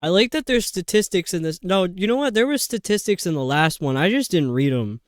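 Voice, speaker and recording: Chatty streamer woman with a crisp, dry voice. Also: on the low side, lively intonation, fairly quick, no echo. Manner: chatty, rambling, self-mocking. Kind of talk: casual livestream commentary.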